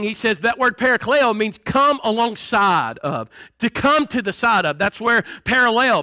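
Male pastor, high bright voice, folksy conversational sermon. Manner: folksy, conversational preaching with humor and asides.

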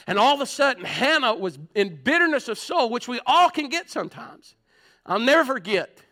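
High-voiced preacher man. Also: very animated, moderate pace. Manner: earnest storytelling preaching with sudden swings between loud and hushed. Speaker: pastor. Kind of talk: sermon. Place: church sanctuary at a pulpit.

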